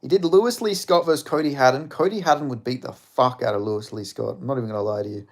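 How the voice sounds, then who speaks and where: Fast and mid-pitched, the young man's voice carries his casual chat as he hosts a stream watching fights. He laughs a lot, curses often and trades jokes with his chat.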